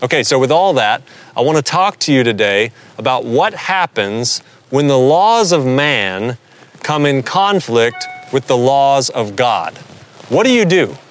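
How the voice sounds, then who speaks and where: A man with a Southern American accent preaching a Bible lesson in an average-pitched voice. He talks earnestly and pushes his voice up to stress the key questions. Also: very animated, unhurried. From United States. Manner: earnest, builds to emphatic rises. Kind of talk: sermon-style Bible teaching.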